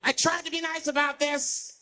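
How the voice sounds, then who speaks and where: A man's voice: extremely high pitch, flat delivery, normal speed, sharp tone, pitched above the performer's own voice, full character voice. A man voicing an unhinged male bus flasher who barks orders at passengers in a raised, strained voice. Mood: menacing.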